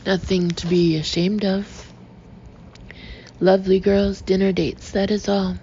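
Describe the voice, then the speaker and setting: Picture a pushy, smooth-talking male agency owner selling hard over the phone, as a woman reads him aloud in an audiobook. His delivery is slow and gravelly with little rise and fall. The recording is a bit dull and lo-fi with a faint hiss under it. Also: medium pitch, flat delivery, warm tone, natural voice. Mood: gushing. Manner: gushing, persuasive sales patter.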